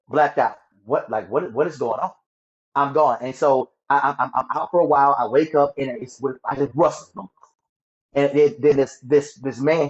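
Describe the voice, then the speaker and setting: A man's voice: on the high side, lo-fi sound. A man telling a painful childhood story as an interview guest. He stumbles, repeats words and acts out the voices of people he quotes. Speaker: guest sharing his story. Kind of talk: emotional personal storytelling.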